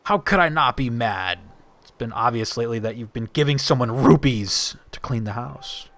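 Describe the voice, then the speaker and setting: A man's voice: medium pitch, animated, normal speed, fairly bright tone. A man voicing a young male night guard, reading game dialogue aloud with a defensive, sly edge.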